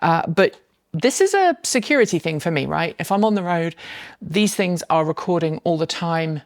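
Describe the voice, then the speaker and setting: Woman vlogging at home, lower voice, chatty with asides, dry close sound. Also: animated, moderate pace, no echo. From United States. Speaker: channel host. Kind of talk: casual vlog with sponsored segment. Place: home dining room.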